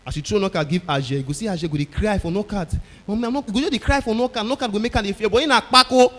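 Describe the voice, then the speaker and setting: Animated Nigerian comedian in a reverberant hall. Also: male voice, high-pitched, quick pace. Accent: Nigerian Pidgin English. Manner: loud animated storytelling, acting out characters. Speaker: stand-up comedian. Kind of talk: stand-up comedy set.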